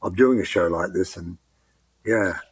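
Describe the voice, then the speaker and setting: A man with a New Zealand accent, a guest actor in a casual interview, who talks with dry self-mocking humour and halting restarts. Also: low voice, husky.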